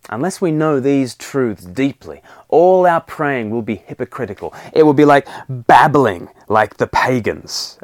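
An earnest male preacher delivers a devotional sermon in a voice of ordinary middle pitch. He is recorded close and dry, with no room sound, and he drops to a soft hush whenever he quotes a prayer. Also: no echo.

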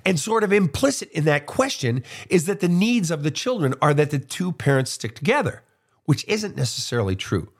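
Middle-aged male advice host, casual and profane, very animated delivery. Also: a little high, a little fast. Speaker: host, soul counselor. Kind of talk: casual advice monologue answering questions.

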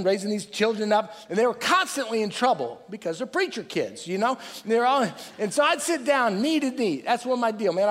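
Man, pastor, high voice, lively sermon, calls for responses, long hall reverb. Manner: energetic, calls for crowd responses, restarts phrases. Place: large church hall.

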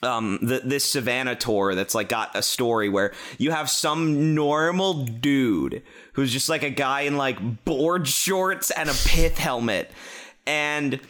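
A man's voice: mid-range voice, takes it slowly. A man in casual podcast chat, telling rambling, profane stories with lots of fillers and restarts. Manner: rambling, profane, animated storytelling with many fillers.

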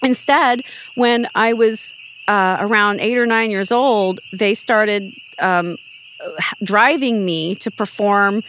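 A woman's voice: mid-range voice, slow pace, a bit bright, slight background noise, low-quality recording. A middle-aged woman, a podcast guest, telling personal family stories in a casual, emotional way, with frequent restarts. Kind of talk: casual conversational storytelling.

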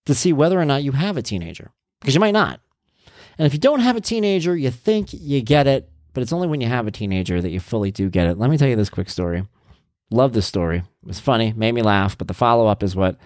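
A middle-aged man tells family stories in a casual monologue. His pitch swings widely as he acts out his kids' lines. His tone is exasperated, and the sound is dry and close. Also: a little mellow, no echo. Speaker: divorced dad telling stories.

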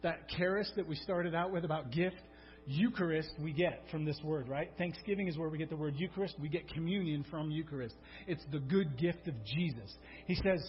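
A high-voiced man preaching in a church, his voice carrying with a long reverb through the hall. He repeats himself and checks in with "right?" as he goes, slipping into desperate prayer voices. The sound is dull and muffled, with faint music underneath. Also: a little fast. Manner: animated preaching, acting out anguished prayers, repeats words and says "right?" often. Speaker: pastor. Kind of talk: sermon. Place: church sanctuary.

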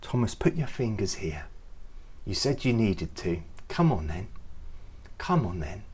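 A man voicing Jesus as a gentle, patient man who speaks softly and coaxingly. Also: lowish voice, sing-song, measured pace, slightly rough, heavily acted. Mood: gentle, tender.

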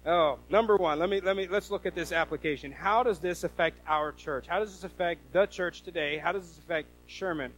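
Male preacher from the Northwest, higher-pitched, lively sermon delivery with acted-out quotes. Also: fairly quick, hardly any pauses, low-quality recording. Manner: animated storytelling with quoted voices. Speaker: pastor.

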